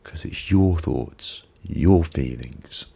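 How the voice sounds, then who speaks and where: Live-stream host, male, very low and husky, reflective motivational talk with lots of repetition. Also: takes it slowly, mellow. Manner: reflective, repeats phrases for emphasis. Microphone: binaural microphone.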